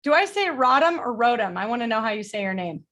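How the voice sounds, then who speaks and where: A middle-aged woman leading a group coaching call, energetic and blunt, motivational, with casual swearing. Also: on the high side, fast. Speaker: sales coach.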